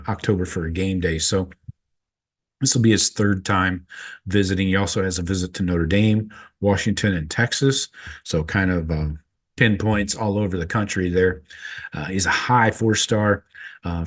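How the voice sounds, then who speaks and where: Male podcast host, somewhat low voice, rambling casual delivery, filler-heavy, wry. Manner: rambling, offhand, wry asides with frequent ums. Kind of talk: casual recruiting update.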